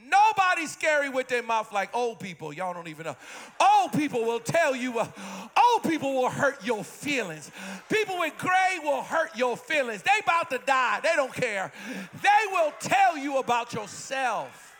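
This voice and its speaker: Fiery high-voiced preacher in his fifties. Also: big pitch swings, moderate pace. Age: 50s. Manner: impassioned preaching with repeated refrains and shouted peaks. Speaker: pastor. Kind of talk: sermon. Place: church.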